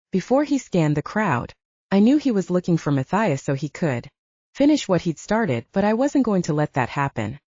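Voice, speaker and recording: A woman narrates an audiobook in a low, mellow voice whose pitch moves a great deal as she tells the story. The sound is dry and close, with a slightly dull, lo-fi quality. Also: dry recording. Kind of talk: first-person audiobook narration.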